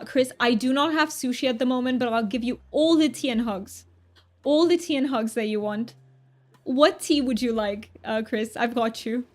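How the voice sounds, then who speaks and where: A woman's voice: high-pitched, mellow. A woman streamer chatting to her viewers in a playful, self-mocking fake British accent, giggling between remarks. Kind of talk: casual live-stream chat.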